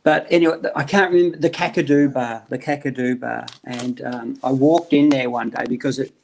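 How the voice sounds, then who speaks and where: A man's voice: medium pitch, fairly even intonation, brisk, vocal fry, poor audio. An Australian man co-hosting a live stream, telling rambling stories in casual chat and often trailing off mid-sentence.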